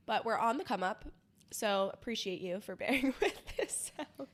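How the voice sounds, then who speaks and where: A woman co-hosting a casual podcast, her voice rough from allergy season. A gravelly vocal fry runs under her relaxed, laughing chat. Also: mid-range voice, fairly quick. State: sick, allergy-stricken voice. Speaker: podcast co-host.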